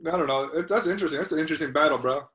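A young man co-hosting a casual podcast chat, slangy and swearing, quick to get excited. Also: a little high, a little hiss or hum. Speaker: podcast co-host.

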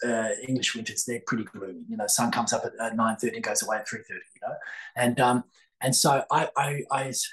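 Speaking in a mid-range voice with a slightly bright edge, an older Australian psychic author guests on a podcast interview. He spins out a long tale, often restarting and leaning on fillers, over a rough recording.

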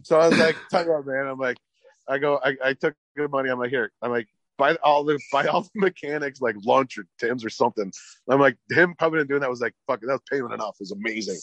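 A man's voice: medium pitch, fast, fairly bright tone, no echo. Brief: man, loose profane storyteller, dry close sound. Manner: profane, rambling, fillers like "like". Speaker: car customizer telling a story. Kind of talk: casual storytelling chat.

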